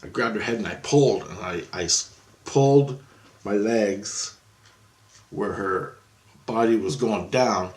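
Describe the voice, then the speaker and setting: A man telling a story in a rambling, excitable way, with lots of swearing and restarts. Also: fairly low pitch, unhurried, long pauses. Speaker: vlogger. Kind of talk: casual storytelling.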